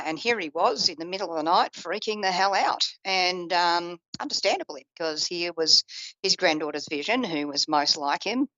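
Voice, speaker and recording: Lively woman psychic telling a story. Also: no echo, lo-fi sound. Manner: lively, acts out quoted family voices in a raised pitch. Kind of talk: personal storytelling on a call-in radio show.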